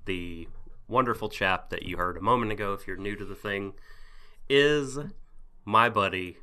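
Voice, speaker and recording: A man's voice: lowish voice, moderate pace, pushed and bright. A man hosting a podcast in a jokey, rambling casual chat with lots of fillers. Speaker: podcast host.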